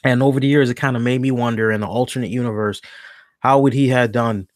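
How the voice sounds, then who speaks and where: A man's voice: mid-range voice, steady tone, quick pace, no room sound, clean studio sound. A man hosting a wrestling podcast alone, talking casually and rambling, thinking aloud and correcting himself as he goes. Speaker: podcast host.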